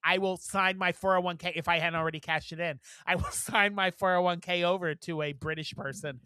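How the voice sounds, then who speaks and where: A man co-hosting a podcast, telling work stories in a casual, animated way and acting out what people said with big swings in voice. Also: a little fast, clear, resonant tone, no room sound. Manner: animated, acts out quotes with big jumps in pitch and volume. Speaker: podcast co-host. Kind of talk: casual storytelling chat.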